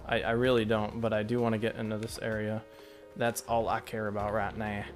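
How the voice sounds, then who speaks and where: A man giving casual let's play commentary, thinking aloud and getting excited at close calls. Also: fairly low pitch, fairly quick, faint music behind. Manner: chatty, excitable, thinks aloud about each move. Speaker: gameplay commentator.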